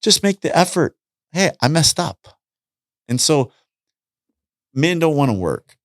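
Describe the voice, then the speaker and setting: Animated middle-aged man telling stories. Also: on the high side, slow pace, dry recording, clean studio sound. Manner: animated storytelling, acts out dialogue. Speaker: guest. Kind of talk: casual chat.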